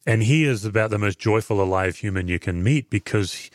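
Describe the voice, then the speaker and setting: An Australian man with a very deep voice gives thoughtful, earnest answers as a pastor being interviewed. The sound is dry and close. He speaks in a measured way, telling stories. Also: dry recording. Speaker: guest, pastor and former chaplain.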